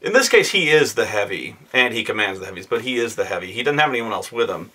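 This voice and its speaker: A man in his thirties telling a profane, animated story about a tabletop game, acting out his players' lines in raised voices. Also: lowish voice, fast, slightly rough. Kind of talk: casual storytelling monologue.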